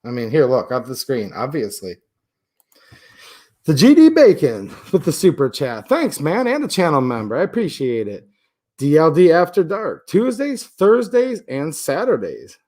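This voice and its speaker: A man's voice: fairly high pitch, huge pitch swings, moderate pace, mellow. A man with a slightly raised voice hosts a casual livestream. He chats and jokes with his viewers in loose, rambling asides. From Michigan. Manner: chatty, joking, rambling asides. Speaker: livestream host. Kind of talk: casual livestream chat reading viewer comments.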